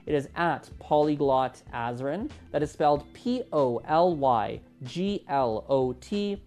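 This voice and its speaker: With faint music in the background, a podcast host in their 20s speaks a little slowly in a mid-range voice. Alone on the episode, they chat casually and with animation, their delivery lively and rising.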